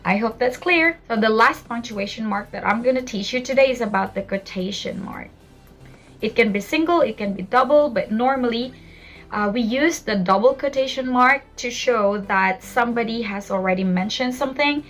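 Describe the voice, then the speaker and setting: Young woman, English teacher, lightly raised pitch, patient explainer, faint music behind. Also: normal speed, a bit bright. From Philippines. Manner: patient, explaining with spoken examples. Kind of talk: online English lesson.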